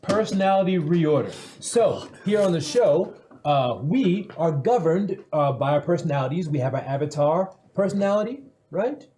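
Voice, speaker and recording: A man's voice: fairly high pitch, expressive, normal speed, few pauses, mellow, slight background noise. A man chatting casually on a live stream as a player, explaining things in a rambling, self-interrupting way. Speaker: player explaining the show's store.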